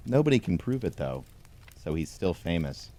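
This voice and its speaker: A man reading a pun picture book aloud as a comic bit, in a mock-solemn deadpan way, talking to a toy penguin. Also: sits low, normal speed, a little hiss or hum. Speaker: host. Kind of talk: deadpan comedic storybook reading.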